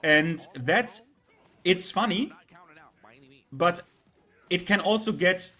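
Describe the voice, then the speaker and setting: A man streaming live and chatting casually, halting and repeating words with many fillers. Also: high-pitched, animated, bright, forceful tone.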